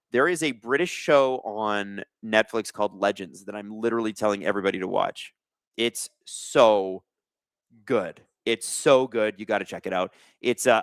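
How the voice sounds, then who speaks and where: A man's voice: on the low side, a bit bright, no room sound. A man hosting a live hockey watch-along, chatting with viewers and calling the plays. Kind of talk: casual live-stream hockey commentary.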